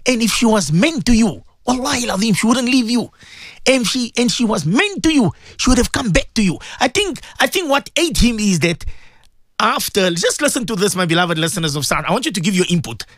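A man, hosting a radio talk show and retelling a story in an animated, repetitive way. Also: sits high, a little fast, dry recording, studio quality. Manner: animated storyteller, repeats words and restarts.

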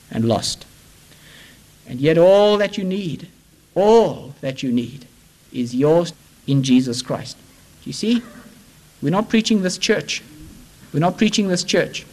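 Impassioned preacher with a higher male voice. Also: low-quality recording. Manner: impassioned, with repeated rhetorical appeals; wide swings from raised urgency to hushed low phrases. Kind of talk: evangelistic sermon.

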